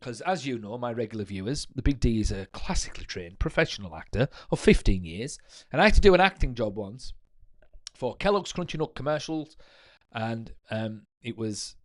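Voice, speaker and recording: A man's voice: mid-range voice, lively intonation, moderate pace. A man hosting a late-night football livestream in a casual tone, reading out notes and viewer comments and adding chatty asides. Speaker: livestream host.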